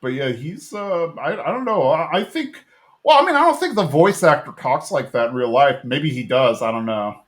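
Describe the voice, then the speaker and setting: A man's voice: fairly high pitch, very animated, normal speed. A man co-hosting a podcast, recapping a cartoon episode in a rambling, casual way and quoting characters in a raised voice. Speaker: podcast co-host.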